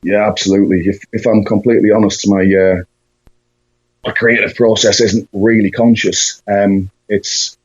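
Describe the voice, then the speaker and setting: A husky, breathy man with a lowish voice, answering interview questions as a musician. He talks reflectively, pausing on fillers and restarting his thoughts. The sound is dry and dull, like a lo-fi recording. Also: little pitch movement, no room sound. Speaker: musician guest.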